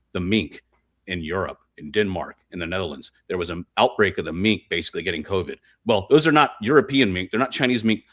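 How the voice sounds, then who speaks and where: A man speaking as a guest researcher on a podcast, explaining his case in an insistent, emphatic way. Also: low-pitched. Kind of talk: fast podcast interview talk.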